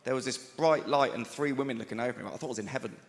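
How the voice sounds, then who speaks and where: A man's voice: medium pitch, very fast, heavy background noise. Young guy doing standup, laughs at his own jokes, echoey theatre, crowd roaring. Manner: self-deprecating, chatty, laughs between jokes. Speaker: stand-up comedian. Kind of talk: stand-up routine. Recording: live theatre, echoey hall, loud crowd.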